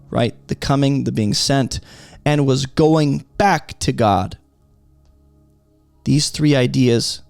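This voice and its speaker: A man's voice: mid-range voice, gravelly, darkish tone, no room sound. A man teaching through a Bible passage in an emphatic, explanatory way, often asking rhetorical questions.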